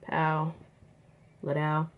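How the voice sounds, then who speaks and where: A chatty woman with a slightly low voice, showing off gifts to her viewers. She talks casually and calls them y'all. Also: monotone, extremely slow, lo-fi sound. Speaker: vlogger. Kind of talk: casual unboxing chat.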